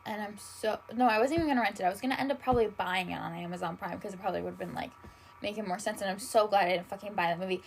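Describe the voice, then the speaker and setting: A woman's voice: a little high, low-quality recording. Rambling young woman podcast host. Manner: rambling, heavy "like" fillers, frequent swearing. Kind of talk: casual solo podcast chat. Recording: faint background noise.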